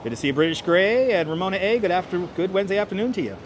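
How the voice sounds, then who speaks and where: Male livestream host, slightly high voice, upbeat and chatty, greets viewers one by one. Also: lively intonation, rapid-fire, slight background noise. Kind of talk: walking livestream, reading chat aloud. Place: city streets and a large indoor station hall. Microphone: wireless clip-on mic.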